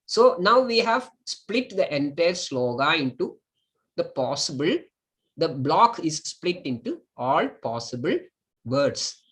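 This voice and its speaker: A man teaching a lesson on splitting and pronouncing Sanskrit verses, patient and repeating each word slowly for learners. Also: fairly high pitch, sing-song, fairly bright tone. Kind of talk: slow step-by-step lesson.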